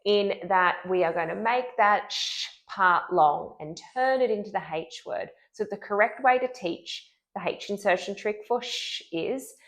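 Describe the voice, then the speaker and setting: A woman speech pathologist giving an instructional lesson, clearly and deliberately modeling speech sounds. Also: medium pitch, a bit bright.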